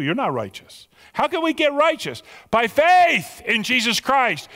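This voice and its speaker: A pastor preaching a sermon with emphatic, drawn-out stressed words in a church sanctuary. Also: male voice, very high voice, a bit bright, in a large hall.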